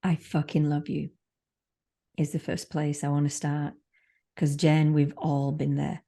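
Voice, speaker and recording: Woman, spiritual mentor, podcast guest, frank, swears freely, very low-pitched. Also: little pitch movement, unhurried, creaky, mellow. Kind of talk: casual conversational interview.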